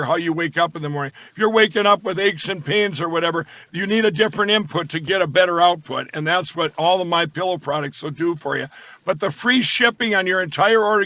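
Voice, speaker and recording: A man talking as a guest, rambling and repeating words as he slips into a sales pitch. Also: fairly quick, bright, forceful tone, dry recording. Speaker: guest, company founder. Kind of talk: casual talk with sales pitch. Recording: dull lo-fi sound.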